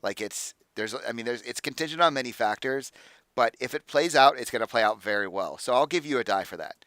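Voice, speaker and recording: A man's voice: mid-range voice, expressive, fairly quick, a bit bright, no echo. A man running a tabletop game as game master, explaining the rules and weighing his calls aloud.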